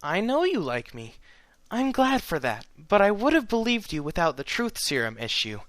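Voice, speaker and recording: A man reading aloud voices a kind, patient young female unicorn, raising his voice into a soft, reassuring higher register. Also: sing-song, normal speed, no room sound. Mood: gentle, reassuring.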